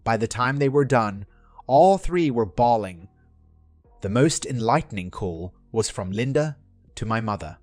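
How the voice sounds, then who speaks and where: A man narrating a story from a script in an even storytelling manner. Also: mid-range voice, unhurried, no echo, faint music behind.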